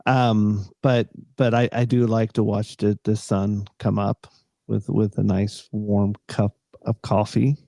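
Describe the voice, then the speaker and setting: A man's voice: on the low side, flat delivery, slow pace, vocal fry, mellow, dry recording, clean studio sound. A middle-aged man co-hosting a casual chat show, rambling with many fillers and restarts. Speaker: podcast co-host.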